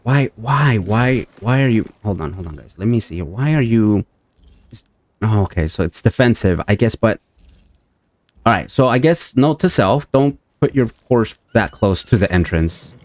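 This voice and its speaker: Deep-voiced man narrating his gameplay. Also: moderate pace, no echo. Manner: chatty, talks to viewers and his horse, excitable exclamations. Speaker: gameplay streamer. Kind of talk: casual let's-play commentary.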